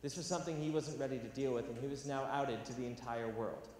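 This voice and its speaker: A man's voice: mid-range voice, steady tone, fast, a little mellow, far from the mic. A young man from California giving an earnest, emphatic talk to an audience at a university, with some self-deprecating humor. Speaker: educational theatre speaker. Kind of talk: public talk to a live audience. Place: large university hall. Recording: echoey hall, faint noise.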